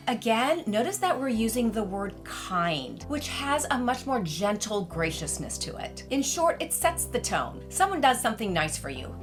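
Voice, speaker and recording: A woman's voice: fairly high pitch, very animated, moderate pace, few pauses, music in the background. A middle-aged woman presenting etiquette tips in a light, gracious, slightly playful way. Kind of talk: instructional talk to camera.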